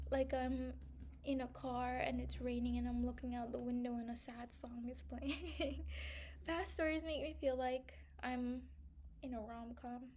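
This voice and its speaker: This young woman's personal vlog monologue is reflective and searching, with many pauses, gaps filled by "like," and occasional tearfulness. Her high voice is a little mellow, with slight background noise.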